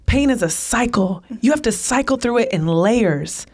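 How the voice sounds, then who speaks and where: A woman's voice: on the high side, animated, moderate pace, darkish tone. A woman in her thirties, a business owner and podcast guest, telling a personal story in an earnest, emotional way. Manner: earnest, emotional, speeds up in bursts.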